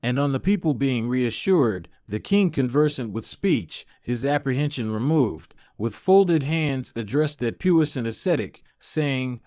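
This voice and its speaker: A man narrating an audiobook of an old epic translation in a measured, even reading. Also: medium pitch, dry recording, studio quality.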